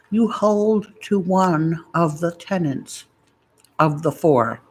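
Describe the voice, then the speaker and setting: Talking directly to viewers on her live stream, this middle-aged woman, a mukbang vlogger, rambles along casually in a fairly low-pitched voice. The audio is poor quality.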